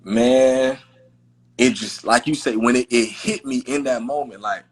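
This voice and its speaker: A podcast host speaks in a medium-pitched voice at a measured pace. He's chatting casually, emphatic and heartfelt, with plenty of slangy fillers.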